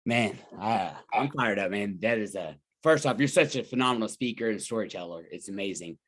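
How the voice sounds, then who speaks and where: A man's voice: fairly low pitch, lively intonation, fairly quick, a bit bright. A man hosting a podcast, chatting casually and enthusiastically with his guest. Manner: enthusiastic, complimentary. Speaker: podcast host. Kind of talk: casual interview chat.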